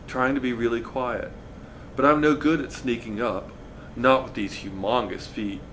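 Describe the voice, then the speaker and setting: A man's voice: mid-range voice, fairly bright tone, a little hiss or hum. Man casually reading a novel aloud. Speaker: reader of a novel.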